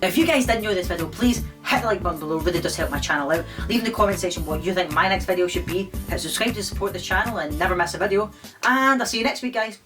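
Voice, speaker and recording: A man's voice: sits high, expressive, racing, music in the background. A man talking casually to camera, reviewing his favourite film in a chatty way full of "don't get me wrong" asides. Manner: chatty, repeats "don't get me wrong" and "I'm not gonna lie".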